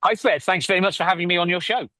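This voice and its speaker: An English company founder living in Italy speaks earnestly on a remote interview call, frequently restarting sentences and repeating words. His voice sits high and sounds pushed and bright, and he talks very fast. The recording is dry.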